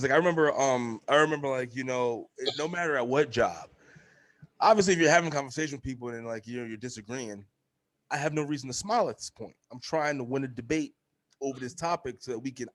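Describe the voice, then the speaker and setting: A young man hosting a casual podcast, telling animated stories, swearing freely and acting out quotes in a high voice. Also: quick pace. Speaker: podcast host. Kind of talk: casual chat.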